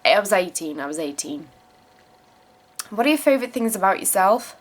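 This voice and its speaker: A woman's voice: mid-range voice, big pitch swings, moderate pace. A young woman grew up in South Africa and speaks with a South African accent that has picked up English tones. She reads out viewer questions and answers them in a casual vlog. Her delivery is frank and unfiltered, with swearing and emphatic repeated phrases. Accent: South African mixed with English. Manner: emphatic repeated phrases when giving advice.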